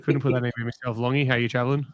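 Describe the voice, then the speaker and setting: Australian male host, mid pitch, ribbing his mates, dry close-mic sound. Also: level tone, racing, no echo. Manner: teasing, joking with panel. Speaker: podcast host. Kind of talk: casual live-stream chat.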